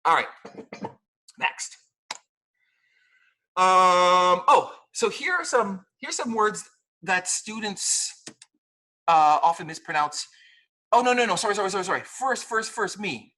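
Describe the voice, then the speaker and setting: A man teaching English pronunciation to a class in a playful, animated way. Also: sits high, takes it slowly, long pauses. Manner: lively, playful, mimics mistakes and laughs often.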